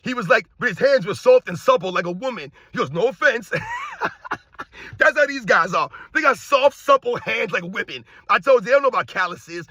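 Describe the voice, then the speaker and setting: A middle-aged man ranting loudly and combatively as a sports commentary YouTuber, projecting his voice. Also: sits high, no room sound. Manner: loud, projecting, animated, combative. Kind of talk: loud opinionated rant.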